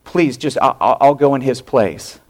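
A male pastor preaching a sermon, retelling a story with animated acted-out quotes and hushed drops for emphasis. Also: medium pitch, moderate pace.

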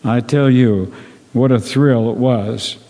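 A man preaching a sermon to his congregation, earnest and repetitive, often clearing his throat. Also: medium pitch, takes it slowly, dark tone. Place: church sanctuary. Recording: long reverb of a church hall.

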